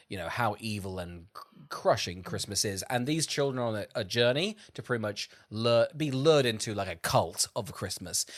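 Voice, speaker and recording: A man co-hosting a comedy film podcast, spinning mock-serious theories with swearing and laughter. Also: on the low side. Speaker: podcast co-host. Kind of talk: comedic film-review banter.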